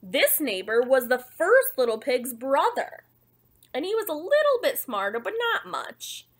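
A woman reads a picture book aloud, telling it in the first person with playful asides to her listeners. Her voice sits high and swings widely in pitch. She takes her time, leaning on each phrase. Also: unhurried. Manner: expressive, playful, conversational asides. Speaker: storybook reader.

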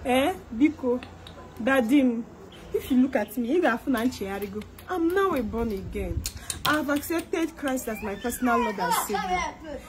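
In a high voice with lively intonation, a young woman acts out a comedic monologue at normal speed, though the background is noisy. Speaking Nigerian English with an Igbo inflection, she begs, pleads, repeats herself, and switches between English and Igbo.

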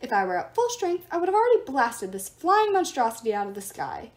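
Woman doing a fussy male statue god, shrill outbursts, prim teacher voice, high-pitched, storybook reading. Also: very animated, fairly quick. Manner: shrieking, loud outbursts.

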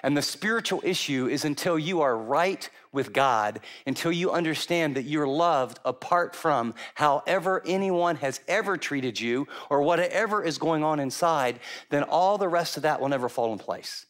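A middle-aged pastor delivering a sermon in a fairly high-pitched male voice. He preaches with animated emphasis, hammering words again and again and slipping into quoted voices. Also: moderate pace, few pauses.

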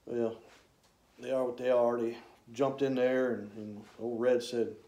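A man, casually telling rambling, folksy stories about his old hunting camps, with drawn-out "uh" fillers. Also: mid-range voice, level tone, warm tone. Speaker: hunter reminiscing. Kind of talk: casual storytelling. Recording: roomy echo.

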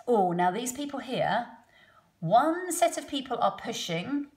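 Slow, patient woman teaching phonics. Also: a little high, sing-song, darkish tone. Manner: slow, patient, sounds out letters one by one. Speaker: primary school teacher. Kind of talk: phonics lesson for children. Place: home.

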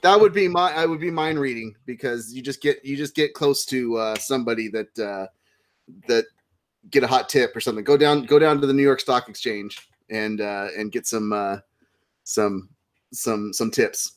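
A man hosting a live podcast, easygoing, reading out viewer comments with drawn-out fillers. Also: mid-range voice. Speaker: podcast host reading chat. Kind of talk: casual nerd-news chat.

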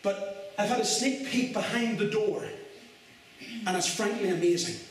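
A man with a Northern Irish accent preaching an animated evangelistic sermon in a mission hall, swinging from loud to soft. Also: sits high, a little slow, far from the mic. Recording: very echoey hall, mic from afar, faint hiss.

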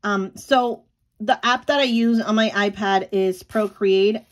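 A woman's voice: mid-range voice, steady tone, measured pace. A woman in her thirties chatting casually at home as she vlogs about running her small sticker shop, with lots of fillers and small laughs. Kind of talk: casual vlog chat.

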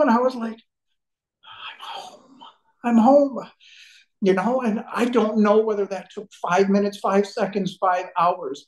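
A middle-aged man, a podcast guest, telling a deeply personal story, emotional and near tears, his voice breaking with halting restarts. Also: roomy sound, low-quality recording.

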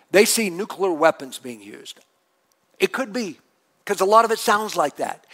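A middle-aged man preaching a sermon as lead pastor, animated and acting out a furious prayer in a raised voice. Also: sits high.

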